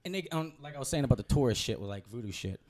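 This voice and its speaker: A young man, a guest comedian telling a loose, profane story while high. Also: expressive, rapid-fire, a little mellow. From Louisiana. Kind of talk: casual storytelling.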